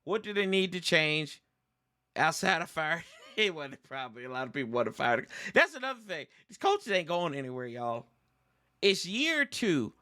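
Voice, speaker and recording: A high-voiced man, hosting a fan sports stream. His tone is bright and sharp, and he rants with exasperated energy, calling his viewers y'all. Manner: animated, exasperated ranting, addresses viewers as y'all. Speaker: sports podcast host. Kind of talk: casual fan commentary.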